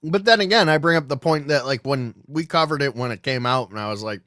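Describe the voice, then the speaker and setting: A man's voice: medium pitch, fast, fairly bright tone, dry recording. A male podcast host talks casually, musing aloud and trailing off as he thinks. His voice sits mid-range. The sound is dry and close.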